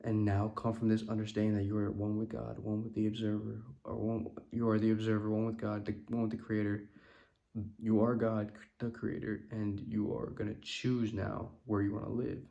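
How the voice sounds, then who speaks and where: A man's voice: lowish voice, monotone, creaky, warm tone, highs cut off. A tired, yawning man giving a loose, rambling spiritual talk that keeps asking "right?". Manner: loose and rambling, repeats "right?", slows down for emphasis. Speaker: creator talking about manifestation. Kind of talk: casual spiritual talk to camera.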